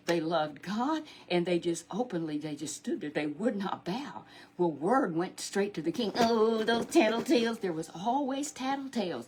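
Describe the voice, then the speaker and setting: A woman's voice: medium pitch, expressive, moderate pace, darkish tone, a little hiss or hum. A woman telling a children's Bible story in a chatty, repetitive, folksy way, with asides to a puppet.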